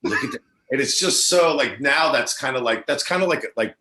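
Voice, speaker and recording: A man's voice: medium pitch, expressive, normal speed, pushed and bright. A middle-aged man from New Jersey, a guest on an interview show, telling a long rambling story and acting out the quoted lines.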